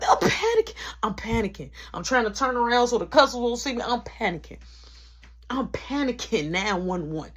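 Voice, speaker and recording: A woman telling a story about her workplace in a casual vlog, animated and full of slang. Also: on the high side, normal speed. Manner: animated, slangy, breaks into quoted voices.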